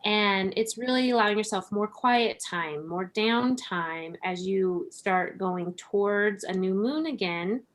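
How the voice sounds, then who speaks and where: A woman talking as a podcast guest in a relaxed conversation, reflective, laughing often and using many "like" and "right?" fillers. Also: mid-range voice, slow pace, hardly any pauses.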